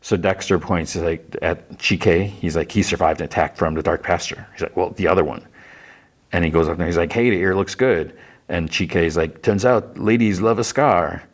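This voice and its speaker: Deep-voiced man recapping an episode. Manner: retells scenes in quick quoted lines, filler-heavy. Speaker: podcast host recapping a TV episode. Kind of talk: casual recap.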